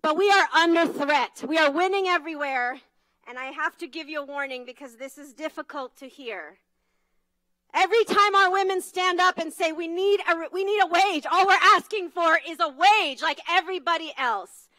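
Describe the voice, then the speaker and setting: Woman activist, high bright voice, dry close sound, urgent and emphatic stage speech. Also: normal speed, no echo, rough recording. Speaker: advocacy leader giving a speech. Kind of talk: impassioned rally speech. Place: conference stage.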